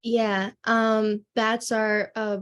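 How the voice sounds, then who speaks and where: A woman's voice: on the high side, level tone, very slow, a bit bright, smooth. Young woman casually presenting in class. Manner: casual, full of "like" and "um". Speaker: student.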